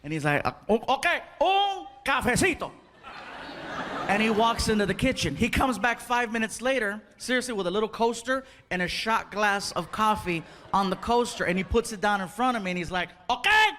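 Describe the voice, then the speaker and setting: A man telling an animated stand-up comedy story on stage, acting out the people in it. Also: high voice, brisk, hardly any pauses. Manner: animated storytelling, acts out voices. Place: stage before a live audience. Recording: live show with audience noise.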